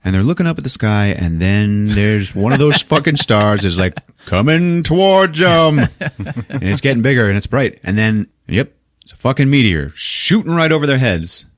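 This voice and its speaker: A man hosting a podcast, retelling a film plot in a casual, animated and profane way and acting out the characters. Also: lowish voice, normal speed, no room sound, clean studio sound. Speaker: podcast host.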